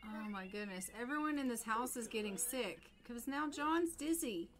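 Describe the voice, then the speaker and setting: A woman's voice: on the high side, expressive, moderate pace, fairly bright tone. A woman doing casual live commentary while playing a life-sim game, chatting to her characters and viewers. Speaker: streamer.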